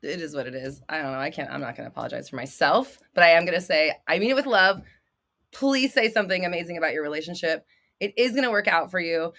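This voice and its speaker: A woman in her thirties hosts a livestream, fielding viewers' questions with blunt, dramatic outbursts, swearing, and laughter. Her voice is lowish and fairly bright, and she talks fast.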